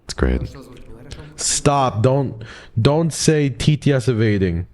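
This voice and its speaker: Live-streaming a horror game, this man keeps up playful, casual chatter with his viewers, jumpy and talkative, and he whispers when he gets scared. His medium-pitched voice is animated and a little mellow, he takes his time, and the recording is dry.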